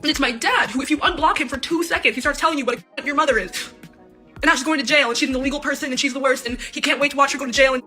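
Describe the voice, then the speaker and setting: A twenty-year-old woman speaking out in an emotional, unscripted monologue, rambling and halting, with nervous laughs. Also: sits high, sharp tone, soft background music. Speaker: daughter speaking out in a personal video.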